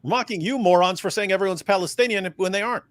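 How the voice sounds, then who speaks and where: A man's voice: high voice, quick pace. A man co-hosting a livestream who stumbles and restarts often, then mocks opponents by mimicking them. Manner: hesitant, many restarts, mocking mimicry. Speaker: livestream co-host. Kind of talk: livestream discussion.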